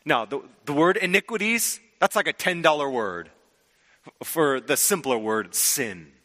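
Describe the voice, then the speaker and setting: Bright-voiced preacher in a big hall. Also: male voice, on the high side, measured pace. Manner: expressive preaching, swings from loud to hushed. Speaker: pastor. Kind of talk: sermon. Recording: long hall reverb.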